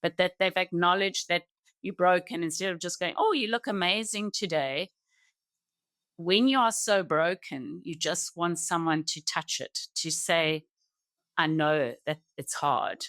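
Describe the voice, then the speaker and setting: Earnest middle-aged woman, low and dry. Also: steady tone, fairly bright tone, no echo. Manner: earnest, halting, with many restarts. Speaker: podcast guest. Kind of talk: reflective personal conversation.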